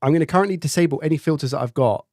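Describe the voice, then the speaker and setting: A man's voice: on the high side, very fast, a little mellow, no room sound. A man hosting a live stream in casual chat, thinking aloud and testing his microphone up close with repeated checks. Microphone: studio dynamic mic, close up.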